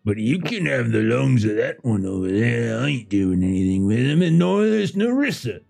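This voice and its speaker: A man voicing a grumpy, very tall male fisherman who keeps telling the party to be quiet. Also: medium pitch, sing-song, normal speed, faint music behind, exaggerated voice. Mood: irritable. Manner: irritable, shushing, gruff.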